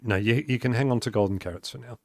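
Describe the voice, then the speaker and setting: A man's voice: mid-range voice, quick pace, no room sound, studio quality. An Australian man chatting casually on a live game stream, talking to viewers and laughing often. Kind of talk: casual gaming stream chat.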